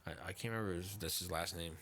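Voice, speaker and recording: A man's voice: sits low, fast talker, a bit bright. A man co-hosting a podcast, chatting casually with profane, teasing banter. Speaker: podcast co-host. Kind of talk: casual chat.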